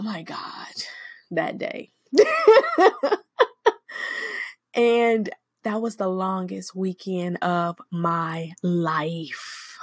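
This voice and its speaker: A woman recounts her own story at an easy, slow pace, her voice rising and falling expressively. She runs a small hair care business and talks personally and openly. The sound is dry and close, with no room around it. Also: fairly low pitch, no echo.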